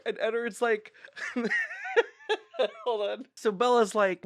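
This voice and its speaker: A man in his thirties recapping a book in casual, chatty commentary, animated and quick to laugh. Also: high voice, dry recording, studio quality. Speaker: book reviewer.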